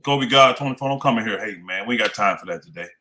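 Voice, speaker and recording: A man's voice: lowish voice, racing, a loud crowd. A man co-hosting a live sports talk stream, talking casually and emphatically, pressing viewers to like the stream. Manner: emphatic, urges viewers to hit like. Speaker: co-host.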